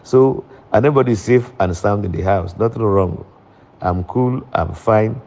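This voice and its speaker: A man's voice: fairly low pitch, moderate pace, warm tone. A middle-aged man with a Sierra Leonean, Krio-inflected accent, giving a repetitive, reassuring public statement to supporters and the press. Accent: Sierra Leonean, Krio-inflected English. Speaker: former government minister. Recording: dull lo-fi recording.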